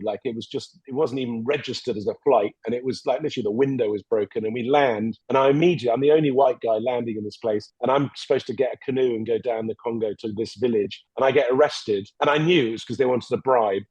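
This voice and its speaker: A man as a podcast guest, telling travel stories in a casual, animated way, swearing freely and jumping between tangents. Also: medium pitch, husky, no room sound, dull audio. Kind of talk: casual anecdotal storytelling.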